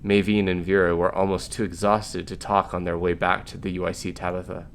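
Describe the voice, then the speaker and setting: A man reviewing a story game, narrating its text aloud in an even, plain way. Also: deep voice, brisk, slight background noise.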